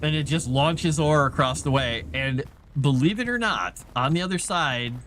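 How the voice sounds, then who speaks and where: A man's voice: a little high, moderate pace, a bit bright. A man giving goofy, casual commentary while he streams a game. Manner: goofy, chatty. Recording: noisy background.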